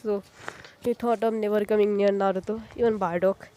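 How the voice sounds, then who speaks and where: A woman casually retelling a fan story, halting often, padding with filler phrases and correcting herself. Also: mid-range voice, steady tone, warm tone, slight background noise, rough recording.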